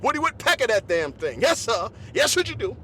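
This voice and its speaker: High, bright-voiced man riffing comedically. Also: brisk, a little hiss or hum. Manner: animated, laughing, repetitive asides. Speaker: podcast host. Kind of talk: comedic monologue.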